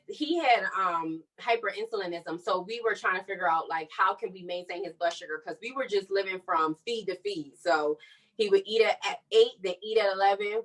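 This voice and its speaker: A young woman telling her personal story on a podcast, candid and animated, acting out what others said. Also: medium pitch, recorded from a distance, rough recording. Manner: candid, animated retelling with quoted dialogue. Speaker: podcast co-host.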